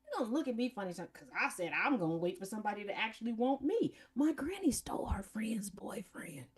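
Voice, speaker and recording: A woman with a husky, slightly breathy voice tells family stories in a casual chat. She sits a little above the usual pitch and swings widely up and down. She is blunt, profane and mocking. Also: very animated, a little fast. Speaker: podcast host.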